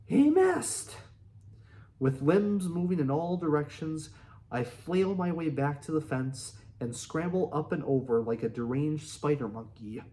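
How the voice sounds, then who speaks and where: A man's voice: fairly high pitch, normal speed, mellow. Earnest man reading a memoir aloud. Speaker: audiobook reader.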